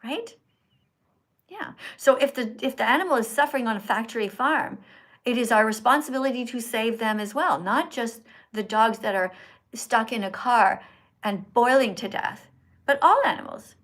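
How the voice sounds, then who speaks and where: A woman's voice: fairly high pitch, moderate pace, fairly bright tone. Earnest woman hosting a phone livestream. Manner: earnest, preachy, teacherly. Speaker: livestream host. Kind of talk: live stream chat with viewers. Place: indoors in Italy.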